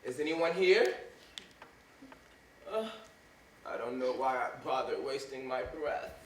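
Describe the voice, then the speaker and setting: An actor playing a petulant, bossy hypochondriac master in a stage comedy, complaining and wailing theatrically. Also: male voice, mid-range voice, animated, slow, recorded from a distance, a little hiss or hum. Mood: grumbling. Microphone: distant room mic. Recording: echoey theater recorded from afar.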